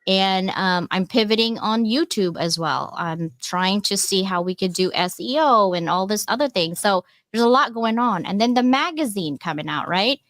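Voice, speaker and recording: A woman hosting a casual panel chat, rambling with many asides and acting out quoted dialogue in lively bursts. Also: medium pitch, normal speed, hardly any pauses, no echo.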